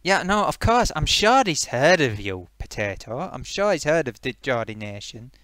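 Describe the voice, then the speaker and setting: Brief: a man doing an eager, defensive sock-puppet host, lively and somewhat high. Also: moderate pace, no room sound. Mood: soothing. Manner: rambling, hesitant, lots of fillers. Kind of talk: comedic puppet live stream.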